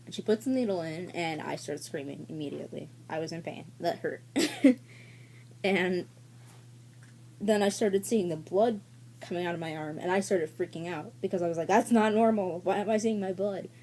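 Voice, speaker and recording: Brief: woman vlogger, casual and candid, swears freely, soft dark tone. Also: fairly low pitch, moderate pace. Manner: rambling and candid, with frequent fillers and swearing. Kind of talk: casual story-time vlog.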